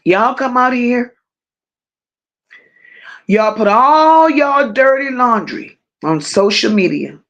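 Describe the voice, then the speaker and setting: With lo-fi sound, a woman hosting a live true-crime stream rants emphatically and aggressively in a slightly high, expressive voice. She presses hard on stressed words and occasionally pauses to thank her chat.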